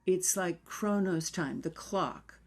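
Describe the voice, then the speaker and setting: Older woman in a thoughtful, lowish voice. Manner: reflective, thoughtful, unhurried, at times whispery. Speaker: dance therapist. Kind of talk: reflective interview storytelling.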